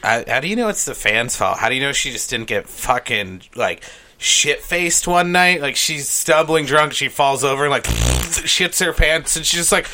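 A man's voice: medium pitch, big pitch swings, moderate pace, sharp tone. A man chatting casually, profane and rambling, cracking crude jokes.

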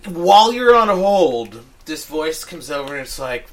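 A man in casual chat, ranting in an exasperated, animated way with heavy swearing. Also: on the high side, a little slow, hardly any pauses, recorded from a distance, a little hiss or hum.

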